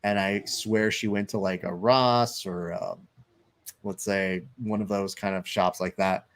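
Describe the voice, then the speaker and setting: Deep-voiced and steady, this man hosts a live stream at an unhurried pace. He's loose and chatty, cursing as he reads out viewers' comments and talks about fights.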